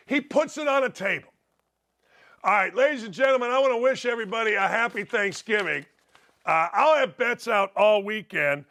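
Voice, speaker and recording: A middle-aged man hosting a sports talk show, rambling and excitable, breaking into loud shouts as he talks betting. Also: very high-pitched.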